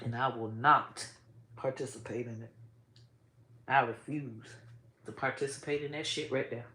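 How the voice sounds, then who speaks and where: A woman talking casually to camera as a vlogger, blunt and profane, often saying "bro" and "y'all", swinging between soft and loud as her feelings run high. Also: steady tone, moderate pace, reverberant.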